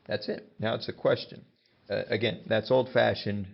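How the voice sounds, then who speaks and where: A man teaches a grammar lesson in a patient, explanatory way, stepping through example sentences one at a time. His voice sits low and has a gravelly edge. The recording sounds dull and lo-fi. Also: steady tone, normal speed.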